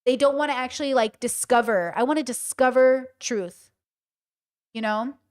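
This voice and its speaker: Woman with a somewhat high voice for a casual livestream; blunt, animated and emphatic delivery. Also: normal speed. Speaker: livestream commentator. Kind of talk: casual livestream storytelling and commentary.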